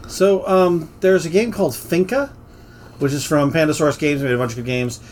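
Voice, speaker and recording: A man's voice: a little high, moderate pace, a little mellow, slight background noise. Chatty man hosting a casual podcast. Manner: chatty, rambling with fillers and restarts. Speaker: game store podcast host. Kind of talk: casual chat.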